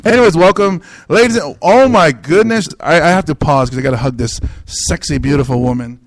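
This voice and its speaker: A man hosting a comedy podcast, rambling and joking through quick asides and self-mockery. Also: on the high side. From Samoan. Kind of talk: casual comedic banter. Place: indoor club room.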